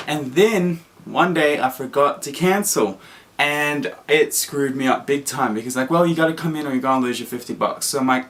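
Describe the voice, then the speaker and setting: Excitable young man vlogging. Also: fairly high pitch, moderate pace. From Australia. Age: young adult. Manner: excitable, full of fillers and acted-out quotes. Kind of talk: casual storytelling to camera.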